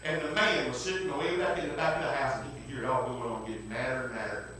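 A man's voice: medium pitch, fairly even intonation, quick pace, sharp tone, slight background noise. A man preaching a folksy storytelling sermon, repeating himself and breaking in with hallelujahs and amens. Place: church. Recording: very echoey room, distant mic.

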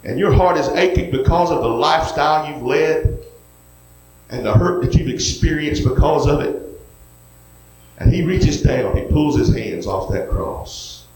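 Preacher in an echoey hall. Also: male voice, medium pitch, expressive, moderate pace. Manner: folksy storytelling, then soft pleading. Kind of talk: sermon. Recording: very echoey hall with faint noise.

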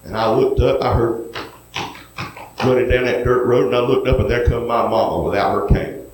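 A man preaching a sermon, moving from folksy storytelling to soft pleading. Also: mid-range voice, fairly even intonation, moderate pace. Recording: very echoey hall with faint noise.

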